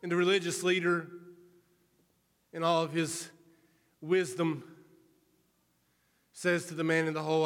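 A male preacher giving an earnest sermon, telling a story in a measured, storytelling manner. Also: on the high side, level tone, fairly bright tone, smooth. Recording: reverberant hall.

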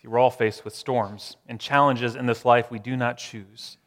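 Man preaching with hushed dramatic pauses. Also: medium pitch, steady tone, in a large hall. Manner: dramatic shifts from loud to hushed, slow emphatic repetitions. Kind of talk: sermon.

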